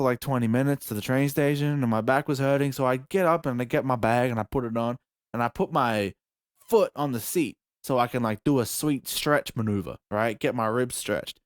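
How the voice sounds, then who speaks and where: A young Australian man, a podcast host, telling a story in casual chat, animated and profane, acting out moments with yelps. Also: medium pitch, no echo, clean studio sound. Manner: animated, profane, acts out scenes with yelps and shouts.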